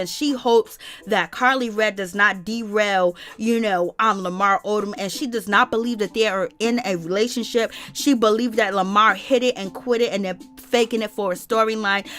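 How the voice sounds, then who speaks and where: Bright-voiced woman dishing celebrity gossip. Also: fairly high pitch. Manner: animated, exclaims often, swears, laughs while telling. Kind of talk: casual gossip commentary.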